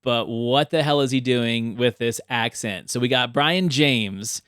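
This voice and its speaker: A man's voice: medium pitch, unhurried, a bit bright, smooth, no echo, studio quality. A man hosting a podcast, chatting casually about a film, laughing often and talking with lots of fillers. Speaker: podcast host.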